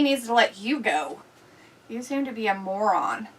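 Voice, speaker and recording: A woman's voice: medium pitch, animated, unhurried, breathy edge, recorded from a distance, low-quality recording. A woman hosting a casual live stream, reading viewer comments aloud and reacting with blunt, crude jokes and frequent laughter. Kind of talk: casual, profane watch-along chat.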